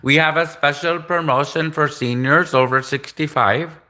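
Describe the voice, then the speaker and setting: A man's voice: fairly even intonation, normal speed, bright, forceful tone. A man voicing a pushy, indignant male phone scammer with a put-on Indian accent and insistent sales patter. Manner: insistent sales patter, turns shrill and defensive.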